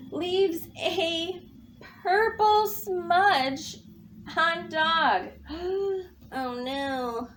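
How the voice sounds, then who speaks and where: A woman reading a picture book aloud for children, counting along and gasping with animated emphasis. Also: very high voice, a little hiss or hum. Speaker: children's librarian. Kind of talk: children's storytime read-aloud.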